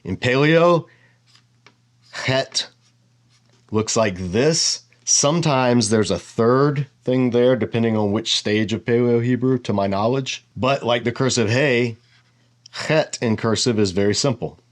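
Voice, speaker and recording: A man's voice: medium pitch, measured pace. A man giving a casual whiteboard lesson as a Bible teacher, explaining step by step and thinking aloud with asides.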